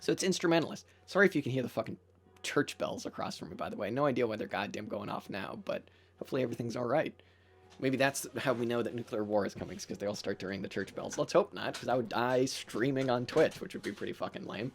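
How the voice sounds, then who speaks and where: A man's voice: medium pitch, lively intonation, quick pace. A young man hosting a podcast livestream, chatting casually and reading a book aloud with loose, profane enthusiasm and lots of fillers. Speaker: podcast host. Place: room near church bells.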